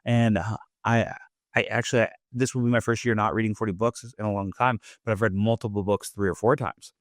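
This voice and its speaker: A man's voice: fairly low pitch, steady tone, fairly quick, no room sound, clean studio sound. Chatty man hosting a podcast. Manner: loose, chatty, leans on "like" and "right?". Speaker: podcast host. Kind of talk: casual motivational monologue.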